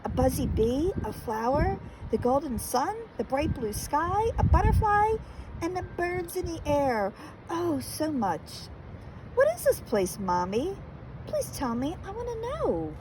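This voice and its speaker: Woman plays wide-eyed storybook boy mouse, high squeaky pitch, lively pleading tone. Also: a little slow, background noise. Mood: excited. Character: small curious boy mouse, eager and wondering.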